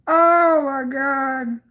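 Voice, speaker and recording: A young woman chatting casually while walking, animated and laughing, swinging from squeals to low mutters. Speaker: vlogger.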